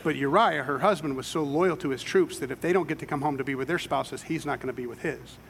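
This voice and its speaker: Pastor guy preaching, acts out the quotes, a bit higher voice. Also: quick pace, a bit bright, a little hiss or hum. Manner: dramatic storytelling with quoted voices. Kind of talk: sermon. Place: church sanctuary with children present.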